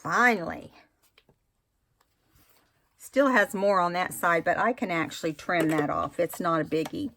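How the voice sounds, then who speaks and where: A woman's voice: fairly low pitch, measured pace, creaky, long pauses, a bit bright. A woman hosting a casual crafting tutorial, chatting to viewers and correcting herself as she works. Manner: chatty, self-correcting, talks to viewers while working. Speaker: craft video host.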